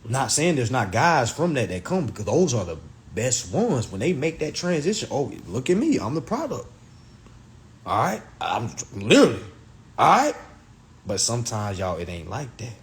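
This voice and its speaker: In a sing-song, mid-range voice at normal speed, a man holds forth to livestream viewers. It's an animated, profane, emphatic monologue with occasional impersonations of others.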